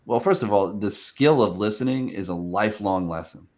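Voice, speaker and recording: Animated man telling stories, fairly low voice. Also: normal speed. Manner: animated storyteller, acts out quoted speech. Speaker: podcast host. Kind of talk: casual interview chat.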